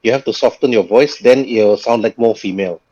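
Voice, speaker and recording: A man's voice: lowish voice, fairly quick, dark tone, dry recording. A man running an online tabletop game as game master, narrating loosely with many restarts. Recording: dull lo-fi mic.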